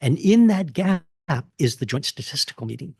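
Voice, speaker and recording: A man's voice: on the high side, very animated, normal speed, darkish tone, slightly rough, no echo, studio quality. A man in his sixties from Texas, giving a casual university talk full of fillers, restarts and chuckles. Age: 60s. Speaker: guest speaker. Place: lecture hall.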